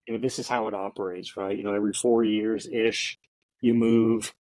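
A man's voice: fairly low pitch, normal speed, dry recording, low-quality recording. A man in his forties from Florida, a guest on an interview show, telling stories casually with lots of fillers and restarts. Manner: animated storyteller, many fillers and restarts, laughs easily. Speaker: guest, veteran and tech founder.

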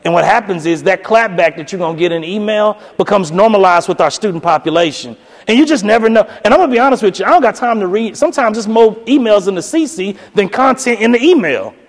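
High-voiced man telling stories. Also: fast, big-room sound. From South Louisiana. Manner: animated, acts out voices in quoted dialogue, casual Southern phrasing. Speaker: keynote speaker, professor. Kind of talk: energetic storytelling keynote. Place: lecture hall.

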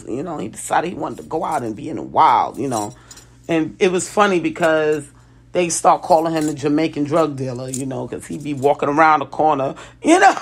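This woman's voice sits on the low side with a breathy edge as she tells a personal story. The talk is casual and animated, studded with restarts and self-corrections. She performs other people's lines in lively quoted voices.

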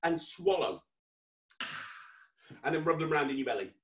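A high, bouncy British male voice hosting a kids' magic party over video, swinging from mock-stern scolding to gleeful shouting. His pitch leaps all over the place. The sound is roomy and a little distant from the mic. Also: lively intonation, normal speed. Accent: British English. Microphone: webcam.

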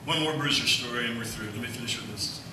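A male pastor preaching a sermon, telling a family story in a folksy, animated way. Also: mid-range voice, fast, noisy background. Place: church sanctuary. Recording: echoey church hall from far off.

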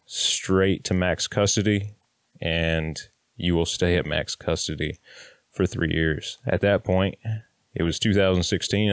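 Deep-voiced blunt man telling a story. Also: dry recording, studio quality. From Kansas, United States. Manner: blunt, plainspoken, occasional swearing, acts out quotes. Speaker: vlogger telling his prison story. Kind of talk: casual storytelling to camera.

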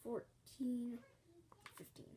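A woman's voice: fairly high pitch, monotone, drawn-out words, dark tone. A woman teaching a building game step by step, counting blocks aloud, apologizing often as she fights off a cough at home. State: bouts of coughing. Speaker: game tutorial host.

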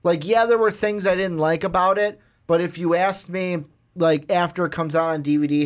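A man's voice: high-pitched, fairly even intonation, fairly quick, few pauses. Rambling man co-hosting a film chat. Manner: rambling, full of "like", acts out quoted lines. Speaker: movie review podcast co-host. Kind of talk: casual chat.

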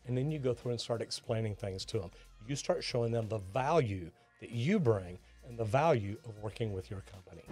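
A man, a plumbing educator, giving an energetic, emphatic business lesson to tradespeople and acting out talks with customers. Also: fairly high pitch.

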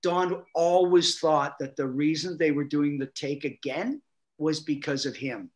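A middle-aged man, a guest actor, telling animated anecdotes and acting out quotes with laughter. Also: on the high side, a little slow. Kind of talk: anecdotal storytelling.

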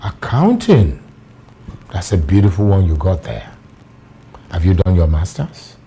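An actor with a Nigerian accent playing a wealthy, genial boss who questions a young job seeker. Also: male voice, deep voice, moderate pace, creaky, warm tone, slight background noise. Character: wealthy older male chief, genial boss. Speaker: employer. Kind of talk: film drama acting.

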